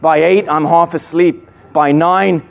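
A man's voice: a little high, fairly even intonation, unhurried, gravelly, lo-fi sound. A middle-aged man preaching to young people in a playful, emphatic way, joking with his listeners. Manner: playful, jokes with the audience, emphatic build-ups. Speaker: speaker at a youth gathering.

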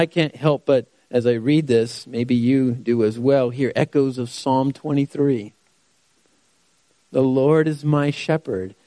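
A man's voice: medium pitch, darkish tone, no room sound. A man preaching a sermon who asks rhetorical questions and repeats key phrases for emphasis. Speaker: pastor.

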